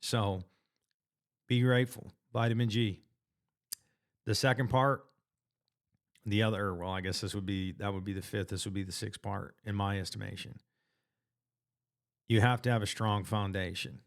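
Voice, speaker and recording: A man's voice: fairly low pitch, fairly even intonation, moderate pace, pauses often. A man vlogging about his weight-loss progress in an earnest, casual motivational monologue, full of slang and restarts.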